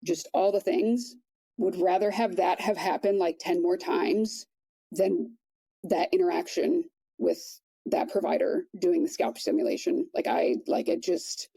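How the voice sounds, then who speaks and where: A woman guest on a podcast, recounting a personal experience in a quiet, measured way with frequent restarts. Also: lowish voice, vocal fry, husky, no echo, low-quality recording. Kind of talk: personal storytelling in conversation.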